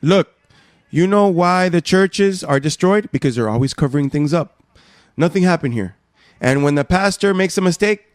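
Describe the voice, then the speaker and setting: A man preaching a sermon, emphatic, swinging from soft asides to raised exhortations. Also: on the high side, normal speed, no echo, studio quality.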